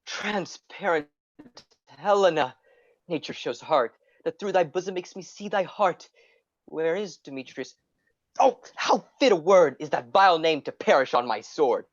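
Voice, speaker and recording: A woman's voice: deep voice, animated, measured pace, no echo, lo-fi sound. A woman playing the young lover Lysander, speaking verse earnestly in a community theatre reading. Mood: ardent. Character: young Athenian lover Lysander, ardent man.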